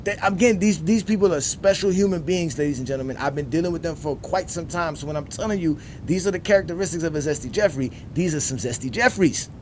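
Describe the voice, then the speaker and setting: A man hosting a sports debate show, ranting emphatically and repeating himself, swinging from loud outbursts to low muttering. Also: fast, few pauses, a little hiss or hum. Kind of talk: ranting commentary.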